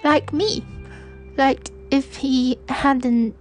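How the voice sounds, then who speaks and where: Slow, soft-spoken young woman reflecting. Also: sits high, fairly even intonation, faint music behind, low-quality recording. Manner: slow, hesitant, with many restarts and fillers. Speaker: podcast host. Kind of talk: personal reflective monologue.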